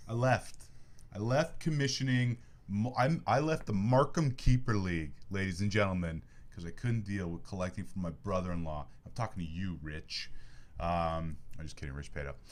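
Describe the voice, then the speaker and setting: Chatty lower-voiced male sports podcast host. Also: normal speed. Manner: jokey, chatty, animated plugs. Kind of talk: casual sports talk and plugs. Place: studio.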